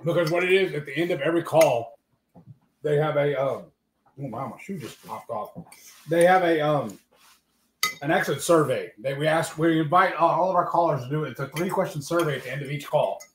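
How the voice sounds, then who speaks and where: A man hosting a casual live stream chat. He talks haltingly, with many fillers. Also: a little high. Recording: roomy echo, faint noise.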